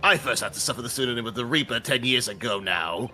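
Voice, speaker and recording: A man's voice: medium pitch, expressive, fast, bright, forceful tone, soft background music. A man voicing a haughty aristocratic nobleman in a fan game dub, formal and indignant.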